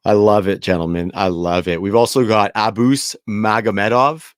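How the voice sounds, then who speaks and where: A man's voice: on the low side, fairly even intonation, clear, resonant tone, no echo. Upbeat guy hosting the fight show, tossing questions to the crew, dry mic. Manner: upbeat, steering the talk, quick to apologize. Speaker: podcast host. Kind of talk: hosting sports chat.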